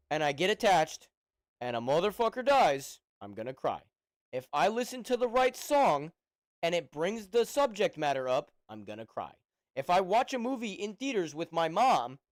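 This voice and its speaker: A man's voice: high voice, dry recording, studio quality. A young man streaming, chatting casually and profanely, rambling and laughing often.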